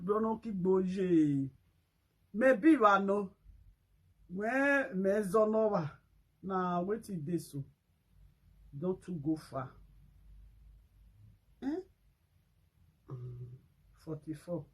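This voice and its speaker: A woman with a Nigerian accent hosting a casual live stream, loudly mocking and laughing between exclamations. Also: mid-range voice, expressive, extremely slow, long pauses, breathy edge.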